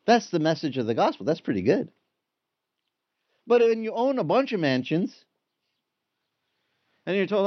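A man preaching a sermon, conversational and animated, acting out the voices of people in the story. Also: high voice, normal speed, long pauses, muffled recording. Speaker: pastor.

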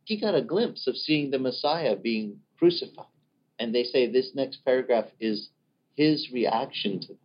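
Guy preaching a sermon, really animated pitch, doing little voices, muffled lo-fi recording. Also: normal speed. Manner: animated, acts out quoted voices. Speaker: pastor. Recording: dull lo-fi recording.

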